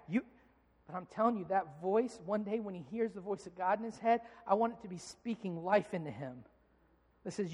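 A man's voice: high-pitched, a little fast. A man in his thirties preaching a sermon to a congregation, earnest and direct, acting out stories with rising heat. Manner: earnest, builds to animated acted-out anger in stories. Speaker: pastor. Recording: long reverb of a large hall.

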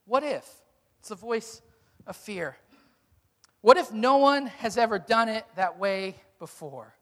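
A man's voice: sits high, expressive, a little slow, in a large hall. A male pastor preaching a sermon, emphatic, with repeated rhetorical questions.

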